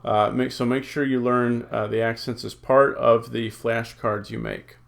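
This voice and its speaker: A man teaching a recorded Greek lesson, slowly drilling word forms, reading out rules and thinking aloud with many ums and uhs. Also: mid-range voice, fairly even intonation, creaky. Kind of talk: recorded classroom lecture.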